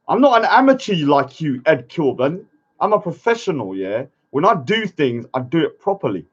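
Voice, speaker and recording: A man talks straight to his camera in a loose, rambling way, breaking off to mutter asides. His voice sits at a middling pitch. The recording sounds dull and lo-fi. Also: big pitch swings, fairly quick, slightly rough. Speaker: vlogger. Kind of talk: casual commentary to camera.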